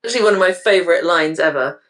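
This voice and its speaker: Low-voiced enthusiastic woman podcaster. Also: fast talker, a bit bright. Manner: chatty and enthusiastic, with filler words and laughs. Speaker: podcast co-host. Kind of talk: casual podcast discussion.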